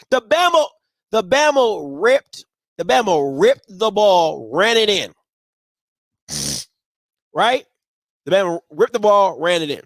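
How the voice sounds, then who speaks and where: A man hosting a postgame call-in show, excitable, often repeating himself as he talks fast and loud about the game. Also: very high voice, no echo. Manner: excitable, repeats and restarts, shouts. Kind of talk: animated sports call-in talk.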